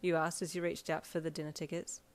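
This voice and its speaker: A woman with an Australian accent reading her fanfiction aloud in a casual, chatty, lively storytelling manner. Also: low-pitched, fast talker. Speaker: fanfiction narrator.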